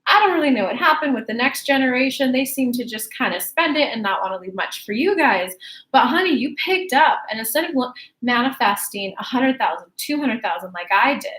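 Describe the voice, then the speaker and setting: A woman's voice: a little high, animated, fairly quick, a bit bright, echoey room. A woman voicing her late grandmother's spirit, a playful, affectionate older lady with a giggly, doting tone. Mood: giggly, fond.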